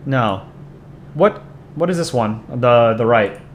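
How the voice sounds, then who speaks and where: A man's voice: mid-range voice, animated, takes it slowly. A man streaming live, chatting casually as he reviews fan art, rambling with frequent ums. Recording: echoey room with background noise.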